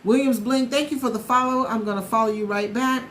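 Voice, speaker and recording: A woman's voice: a little high, steady tone, fairly quick, a bit bright, slight background noise. A woman hosting a casual live stream, chatting upbeat with viewers, greeting followers by name and repeating her key points. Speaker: live stream host recruiting travel agents. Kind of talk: casual sales pitch on a social live stream. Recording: roomy echo with faint background ambience.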